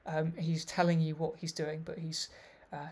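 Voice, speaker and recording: A literary researcher presents his thesis in an explanatory video lecture, reading passages aloud and commenting as he goes. His voice is on the high side, with a completely flat delivery at a moderate pace.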